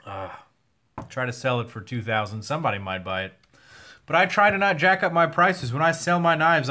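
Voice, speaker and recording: Reading questions from chat, a young man answers his livestream viewers frankly, cursing now and then. His medium-pitched voice is bright and forceful, though it's clearly getting worn down.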